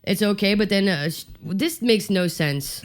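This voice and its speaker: A podcast co-host in casual chat who jokes around and jumps in with quick reactions. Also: medium pitch.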